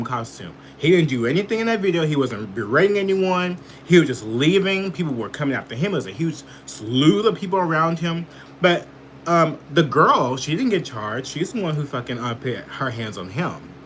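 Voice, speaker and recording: A man's voice: on the high side, very animated, normal speed, a bit bright, slight background noise. A man from the United States giving heated, profane political commentary with lots of filler words. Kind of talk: casual ranting commentary.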